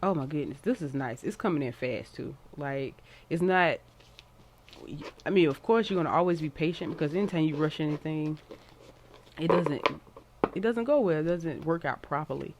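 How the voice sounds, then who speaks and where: A woman casually giving a tarot reading to her viewers, encouraging and repeating herself, with sudden excited jumps in pitch. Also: moderate pace, a little hiss or hum. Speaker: tarot card reader.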